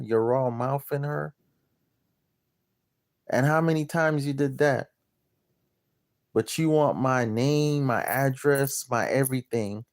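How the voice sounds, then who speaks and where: A man's voice: a little high, a little mellow. A man selling land and property, delivering a crude, blunt, repetitive rant to his viewers. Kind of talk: profane motivational rant to camera.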